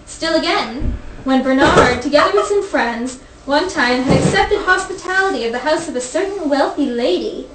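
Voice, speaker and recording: A woman's voice: high voice, lively intonation, moderate pace. A woman hosting a show, reading a story aloud in a casual, playful way with teasing asides. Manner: playful, teasing, breaks into giggles. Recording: roomy, distant mic, faint noise.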